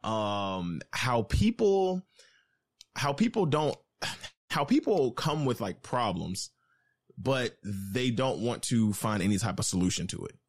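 A man telling a story in casual chat, animated and profane, speaking into an online call mic. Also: medium pitch, takes it slowly, dry recording.

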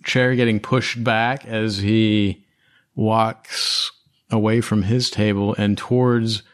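A man's voice: fairly low pitch, level tone, slow pace. A man narrating a tabletop game as game master, casual and loose.

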